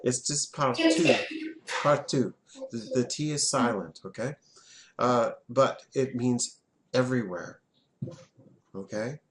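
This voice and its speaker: A man's voice: medium pitch, animated, a little slow, long pauses, slight background noise. A man, teaching a French class in a classroom and having students repeat words back.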